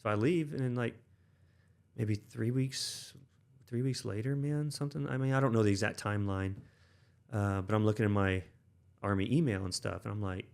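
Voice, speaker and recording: A man's voice: lowish voice, normal speed, gravelly, a little mellow. A man in his thirties, an Army veteran and interview guest, telling stories in a rambling casual way full of fillers and restarts. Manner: rambling, many fillers and restarts, acts out quoted dialogue.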